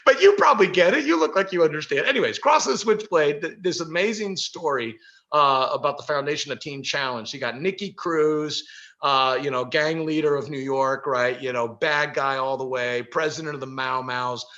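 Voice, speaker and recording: Lively storytelling man, bright voice. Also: fairly high pitch, moderate pace, muffled recording. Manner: animated, laughs often, many fillers like "right?". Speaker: workshop speaker. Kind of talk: storytelling talk. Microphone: video call.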